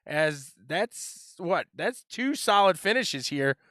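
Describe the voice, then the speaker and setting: A man talks to racers after the finish in an upbeat, hyped patter. His voice sits high and sounds crisp and clear. The mic is close and dry. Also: sing-song, slow pace, bright, forceful tone, dry recording. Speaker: post-race interviewer. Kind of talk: post-race interview on a sim racing broadcast.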